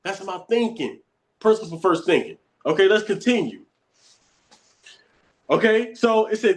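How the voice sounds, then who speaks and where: A man teaches from a book, reading a line and then breaking it down in plain talk. He is emphatic and conversational and repeats his points. His voice sits a bit high. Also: lively intonation, measured pace, pauses often. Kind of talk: reading aloud and explaining a text.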